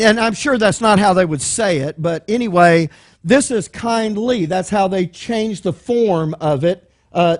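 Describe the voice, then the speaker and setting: High-voiced man teaching a Bible class. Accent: Texan. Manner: conversational, explains word by word, asks the room questions.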